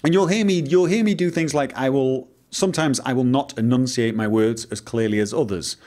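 A man's voice: medium pitch, a little fast, a little mellow. A man from Manchester with a Mancunian English accent, rambling theatrically while commentating a video game he plays. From Manchester, England. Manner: theatrical, exclaiming inflections. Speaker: Let's Play host.

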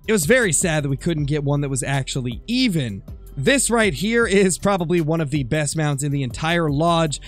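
Gaming host, male, a bit raspy from being sick, higher-pitched, chatty game commentary over faint music. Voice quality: slightly raspy. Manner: chatty, easygoing, frequent fillers. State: recovering from illness.

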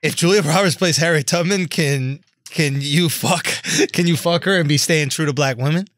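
A man's voice: on the high side, moderate pace, fairly bright tone, no echo. A man co-hosting a casual comedy podcast in a studio, teasing and playful, pushing the same questions again and again. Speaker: podcast co-host, stand-up comedian.

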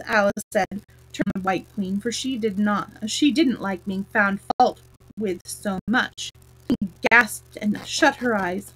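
A woman's voice: a little slow, breathy edge, poor audio. A woman reading a children's classic aloud as a storyteller, raising her voice for the characters' lines. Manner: lively read-aloud, voices the queens higher and louder.

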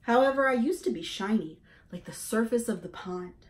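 Woman doing a calm patient robot mom, plain even voice, storybook read-aloud. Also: a little high, normal speed, pitched above the performer's own voice, lightly acted. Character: calm patient robot mother, female, weathered.

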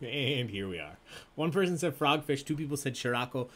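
A man's voice: mid-range voice, animated, brisk, a bit bright, a little hiss or hum. A man hosting a live trivia game in a casual, playful way, laughing often as he reads questions and answers. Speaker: trivia host.

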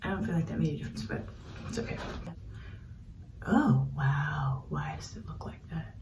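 A woman's voice: low-pitched, animated, moderate pace, vocal fry, noisy background. A young woman vlogging while getting ready, gushing and chatty, full of slang and fillers, sometimes dropping to a whisper. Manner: drops to a whisper while doing makeup. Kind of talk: casual get-ready-with-me vlog. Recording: roomy, slightly distant home recording.

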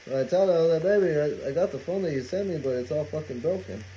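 A man with a somewhat high but mellow voice tells a story in a loose, animated and profane way, dropping Spanish phrases as he cooks. The recording sounds a little dull, with faint kitchen noise and food sizzling behind him. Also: quick pace. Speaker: cooking vlogger. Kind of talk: casual storytelling while cooking. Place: home kitchen. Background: frying and sizzling food.

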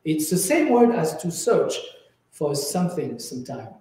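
A man's voice: on the high side, big pitch swings, a little slow, mellow. A man teaching a Torah class to a group in an informal, searching way, with many restarts and fillers. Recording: very echoey room.

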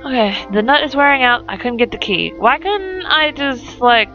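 Bright-voiced young woman gaming aloud. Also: high voice, expressive, normal speed, muffled recording, soft background music. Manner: chatty, swearing, reacting aloud. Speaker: gamer. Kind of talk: let's play commentary.

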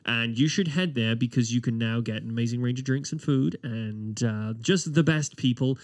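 British guy on a podcast, mid pitch, keen and chatty. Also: moderate pace, no echo, studio quality. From Britain. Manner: enthusiastic, talks passionately. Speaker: podcast co-host. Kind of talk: casual chat.

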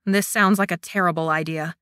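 A stubborn young woman warrior in an audiobook romance, read by a woman narrator. Her retorts come sharp and skeptical, in a bright voice with a dry, close sound. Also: lowish voice, steady tone, a little fast, clear, resonant tone, no echo, voice pushed down, lightly acted. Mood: sour.

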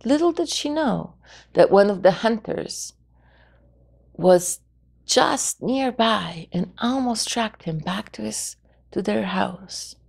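A woman storyteller telling a folk tale in a gentle, expressive way. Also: mid-range voice, takes it slowly, vocal fry.

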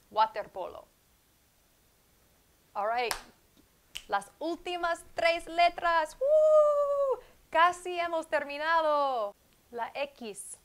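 Slow, deliberate woman teaching pronunciation. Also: on the high side, fairly bright tone. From not from Spain. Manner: slow, deliberate, demonstrates each sound aloud. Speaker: Spanish teacher. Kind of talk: pronunciation lesson.

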